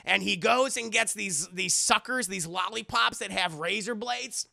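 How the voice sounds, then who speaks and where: A man recapping a film live for his stream chat, profane, joking and animated. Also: sits high, a little slow, gravelly, hardly any pauses.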